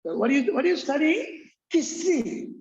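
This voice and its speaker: A man teaching an English accent lesson, halting with many fillers and restarts, repeating words for drill. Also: extremely high pitch, very animated, a little mellow. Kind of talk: classroom-style lecture. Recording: roomy, dull lo-fi recording.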